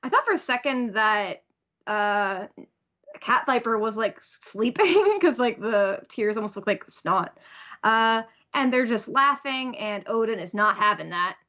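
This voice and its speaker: A woman's voice: a little high, expressive, a little slow, bright, forceful tone, dull audio. A woman cohosting a podcast, chatting casually through a manga recap, laughing often and putting on raised voices for the characters' lines.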